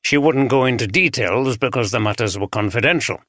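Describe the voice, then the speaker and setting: A man's voice: medium pitch, animated, fairly quick, a bit bright, no echo, clean studio sound, close to an everyday voice. A man voicing a plain-spoken male detective chief inspector with a northern English accent. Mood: businesslike.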